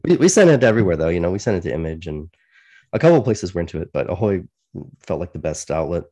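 Low-voiced male writer guest, relaxed, rambling podcast chat. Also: fast talker. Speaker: comic book writer, guest. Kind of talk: casual podcast interview.

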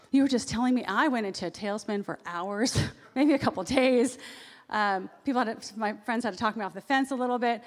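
Woman pastor, sermon, fairly high voice, animated, long hall reverb. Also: a little fast. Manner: animated, acts out quoted voices. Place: church sanctuary.

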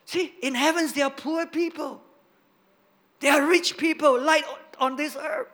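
A male pastor preaching a sermon, hitting key words loudly and dropping to quiet asides. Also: very high voice, sing-song, moderate pace. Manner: emphatic, swings between loud stresses and quiet asides.

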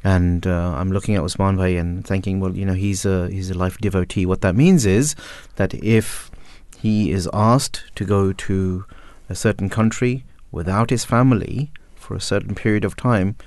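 A man on a panel speaks in a measured, philosophical way. His voice is low with a gravelly edge. The recording is dry and close. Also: steady tone, a little mellow, dry recording. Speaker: panel guest. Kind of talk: panel discussion.

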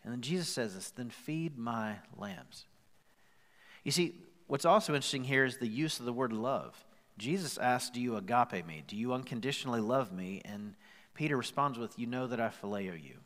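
A male pastor preaching a sermon with growing passion, rising louder and higher as he drives his points home. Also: animated, a little fast. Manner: impassioned, rising in pitch and volume as he presses his point. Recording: long hall reverb.

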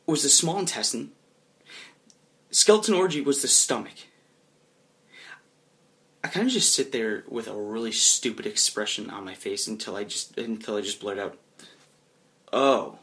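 A young man narrating his character's actions in a comedic tabletop role-play, chuckling as he goes. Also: medium pitch. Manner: animated, chuckling, drops into quick voiced asides.

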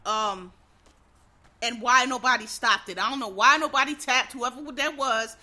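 A woman's voice: on the high side, moderate pace, bright, forceful tone. A woman in a casual, exasperated rant, full of swearing and rhetorical questions.

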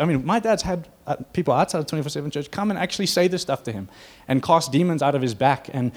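A man's voice: on the high side, fast talker, few pauses, a little mellow. A man preaching a sermon to his church in an earnest, conversational way, acting out quotes as he goes. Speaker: pastor.

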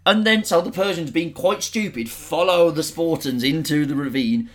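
A man's voice: fairly high pitch, normal speed. A man retelling a film plot in casual, sweary chat, laughing often. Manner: animated, laughing, sweary storytelling.

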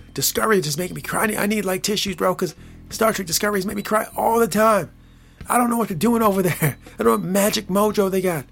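A man hosting his own podcast, talking casually in a rambling, repetitive, playful way that swings from hushed to excited. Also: high voice, gravelly. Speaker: podcast host. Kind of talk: casual solo podcast monologue.

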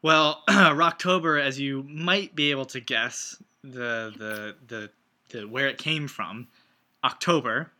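A man co-hosting a podcast in casual comedic chat, speaking in a dry, matter-of-fact deadpan. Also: medium pitch, slow. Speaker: podcast co-host.

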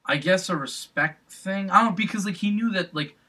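A man's voice: high voice, brisk, bright, forceful tone, slightly rough, rough recording. A young man telling a rambling, profane story in casual chat, full of fillers and restarts.

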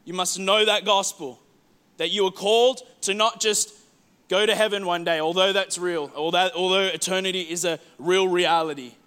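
A man preaching a sermon to a church congregation, passionate, repeating words and moving between loud declarations and soft asides. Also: sits high, fairly even intonation, normal speed, clear, resonant tone. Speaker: pastor. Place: church hall.

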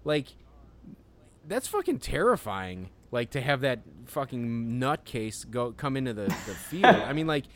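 A man co-hosting a podcast in loose, casual chat. He rambles in halting stops and restarts, swears freely and laughs often. His voice sits at an ordinary middle pitch for a man. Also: very animated, a crowd in the background. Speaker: podcast co-host.

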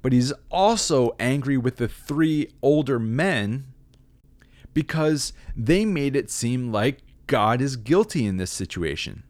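A man teaching a Bible passage in a relaxed, conversational way, with wry asides. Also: mid-range voice, takes it slowly, dry recording. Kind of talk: casual scripture commentary.

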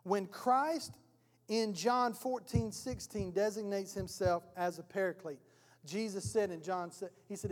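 Male pastor, sermon, animated storyteller, high voice, long church reverb. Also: unhurried. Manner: animated storytelling, acting out scenes. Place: church hall.

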